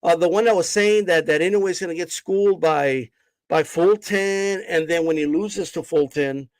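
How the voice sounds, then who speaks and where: A man's voice: a little high, moderate pace, dry recording, poor audio. A man ranting on a live stream, cursing and confronting his chat in a mocking, combative way. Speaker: boxing streamer. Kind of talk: heated live-stream rant.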